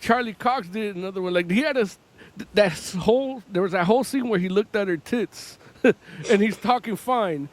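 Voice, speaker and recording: A man with a slightly high voice, chatting casually as a podcast host. He talks loosely, drops profanity without a second thought and breaks into laughter mid-sentence. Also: normal speed. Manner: loose, profane, laughs often while talking. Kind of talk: casual chat.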